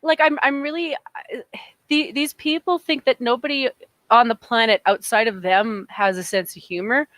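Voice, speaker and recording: A woman's voice: on the high side, steady tone, moderate pace, a bit bright, no echo. A woman co-hosting a podcast, talking in an emphatic, opinionated way with frequent restarts. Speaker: podcast co-host. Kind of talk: casual opinionated chat.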